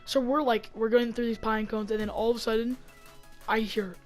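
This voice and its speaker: A woman telling a story in a casual vlog, rambling with lots of fillers and getting excited as she acts it out on a desk mic. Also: on the high side, brisk, soft background music. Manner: rambling, heavy on fillers, gets excited acting out the fight. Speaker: vlogger.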